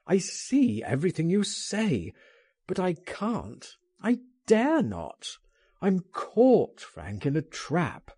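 A man reading an audiobook, voicing a frightened, despairing man on bail who pleads in a higher pitch. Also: huge pitch swings, slow pace, dark tone, husky, dry recording, studio quality, heavily acted. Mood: anguished.

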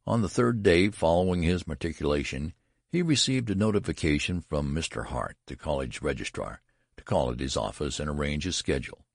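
A man narrating a classic story in a measured, steady way. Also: extremely low pitch, vocal fry, no room sound, clean studio sound.

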